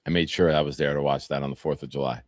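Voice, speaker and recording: A man's voice: very deep voice, fairly even intonation, quick pace, no echo. A man, hosting a sports talk show and chatting loosely, rambling through profane stories and fan comments. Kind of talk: casual live-stream chat reading fan comments.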